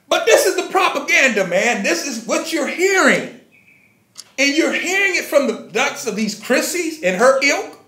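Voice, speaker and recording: A man's voice: very high voice, very animated, normal speed, sharp tone. A man giving a ranting commentary, sarcastic and mocking, with frequent profanity. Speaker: commentary vlogger. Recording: echoey room.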